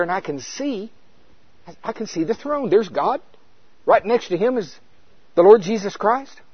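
A man preaching a sermon, telling a vision story with lively swings between loud and hushed delivery, on a dull, dry, lo-fi recording. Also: high voice, no echo.

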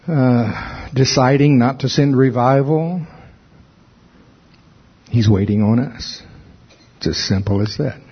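Very husky male preacher. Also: lo-fi sound. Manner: emphatic preaching, rising in pitch when stirred. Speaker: pastor. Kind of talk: sermon.

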